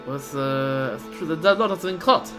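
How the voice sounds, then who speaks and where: Over background music, a woman streams a game in a low voice at a measured pace. She's chatty and jokey, often muttering to herself as she gives casual commentary.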